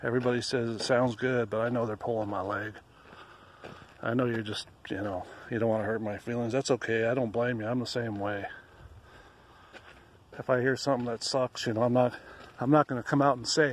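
A man chatting while walking outdoors in a wooded park, rambling and self-deprecating, a bit out of breath. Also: mid-range voice. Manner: self-deprecating, rambling, sings folk song slowly. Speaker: vlogger. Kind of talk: casual walking vlog with singing. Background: faint outdoor ambience.

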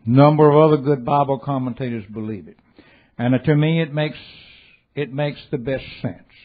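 An older man preaching a sermon, swinging between loud exhortation and quiet, low asides. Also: normal speed. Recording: tinny phone-like audio.

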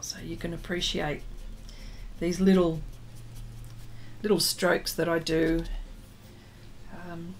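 A woman's voice: mid-range voice, slight background noise. Chatty woman talking through a painting livestream. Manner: chatty, reads viewer comments aloud and answers them; talks slowly while working, trails off into fillers. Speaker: artist hosting a livestream. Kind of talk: casual livestream chat while painting.

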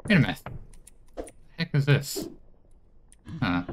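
A man's voice: medium pitch, sing-song, measured pace, a little hiss or hum. A man giving chatty commentary while playing a horror game, talking back to the characters on screen. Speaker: gaming streamer.

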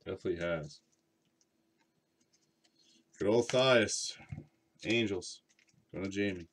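Hosting a live card break stream, this man speaks in a low, slow, slightly bright voice. He chats and rambles with viewers, reading card names aloud between his casual remarks.

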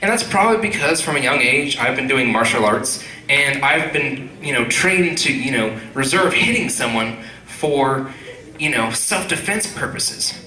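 A man's voice: mid-range voice, lively intonation, normal speed, bright, forceful tone. A man doing a stand-up comedy set, telling crude stories in a rambling way with plenty of fillers. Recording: echoey room from a distance.

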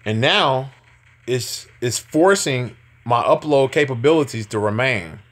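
Man, 30s, podcast host type, rambling animated storyteller who laughs a lot and swears freely. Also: mid-range voice, measured pace. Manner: animated, laughing, profane, repeats words when excited. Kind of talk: casual storytelling.

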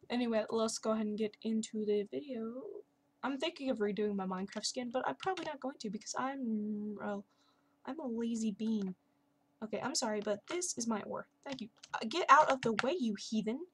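A woman's voice: a little high, brisk, background noise. A young woman casually commenting over her Minecraft gameplay, chatty and sarcastic with self-mocking asides. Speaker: gaming channel host. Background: keyboard and mouse clicks.

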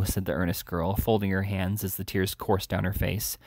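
Low gravelly male narrator. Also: flat delivery, normal speed, hardly any pauses, a little mellow, dry recording, clean studio sound. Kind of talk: audiobook reading of a classic novel.

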